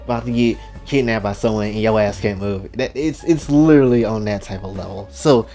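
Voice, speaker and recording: Animated, joking man retelling a story. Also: lowish voice, a little fast, faint music behind. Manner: animated, joking, profane asides to listeners. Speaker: storyteller recapping his own story. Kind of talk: casual story recap.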